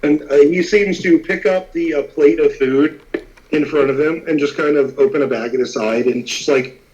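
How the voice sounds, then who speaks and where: A man running a tabletop game as game master, casual and quick to laugh. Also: a little high, a little mellow, dull audio.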